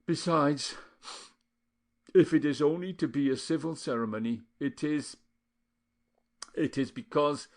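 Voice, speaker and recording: A man voicing a young woman who answers coolly and haltingly. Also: fairly low pitch, lively intonation, fairly bright tone. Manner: halting, cool replies. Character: young woman, cool and evasive.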